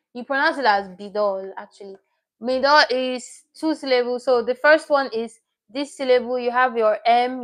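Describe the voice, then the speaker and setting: A woman teaching a live online language lesson, patient and repeating each word as she explains it step by step. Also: a little high.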